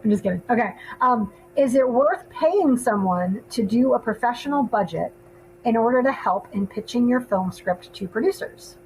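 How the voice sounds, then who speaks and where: A woman's voice: on the high side, animated, moderate pace, darkish tone, rough recording. Chatty filmmaker lady on a podcast panel, ums a lot, slight hiss behind. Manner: chatty, laughs often, many ums. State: hiccups. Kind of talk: casual panel chat.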